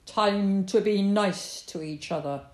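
A woman voicing a grumpy male badger in a storybook, gruff and blunt but kind. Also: medium pitch, takes it slowly, darkish tone, natural voice. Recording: roomy echo.

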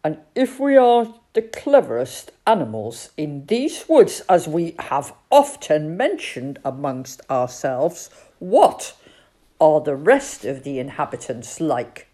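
A fussy old male owl from a storybook, solemn and lecturing, as a woman reads him. His voice sits slightly low, with a husky, breathy grain and a slow, unhurried delivery. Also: big pitch swings, mellow, heavily acted.

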